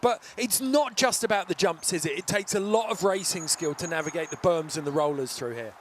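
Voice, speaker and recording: A man commentating live at a bike event, brisk and explanatory with a joking edge. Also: sits high, slight background noise.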